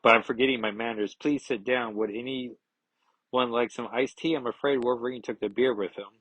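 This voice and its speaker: A man reading aloud the lines of a grieving, angry woman superhero, with a husky voice. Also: mid-range voice, steady tone, a little fast, a bit bright, dry recording, lightly acted, rough recording. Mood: composed.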